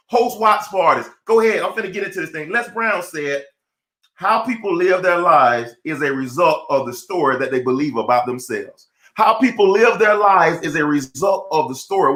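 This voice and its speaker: A man giving a live-streamed motivational talk, energetic and preachy, with casual slang, greeting viewers by name as he goes. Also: high-pitched, echoey room. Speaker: motivational speaker.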